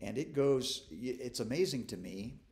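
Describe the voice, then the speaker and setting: A man's voice: mid-range voice, animated, moderate pace, creaky, a little mellow. A man leading a Bible study as its pastor, giving an informal sermon in a folksy, conversational way with self-deprecating humor and frequent restarts. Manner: stumbles and restarts often.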